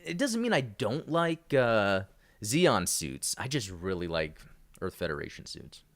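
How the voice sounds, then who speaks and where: Rambling male podcast host, low voice. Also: sing-song, unhurried, fairly bright tone. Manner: rambling, many fillers and restarts. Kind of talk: casual podcast chat.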